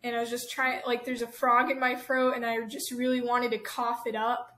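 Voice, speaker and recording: A young woman answering interview questions in a halting way, with many fillers. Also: on the high side, flat delivery, fairly bright tone. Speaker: guest.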